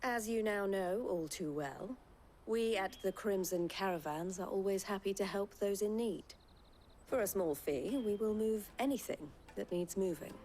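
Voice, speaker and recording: A woman's voice: mid-range voice, normal speed, darkish tone, a little hiss or hum, close to an everyday voice. An actress playing a gracious but shrewd businesswoman in a video game cutscene, with faint music behind. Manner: polished, gracious, shrewdly teasing. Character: shrewd businesswoman running a caravan company.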